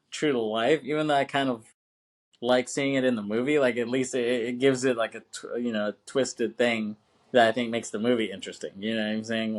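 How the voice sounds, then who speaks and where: A man co-hosting a podcast, casually recapping a film with lots of fillers and laughs. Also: medium pitch. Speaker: podcast co-host.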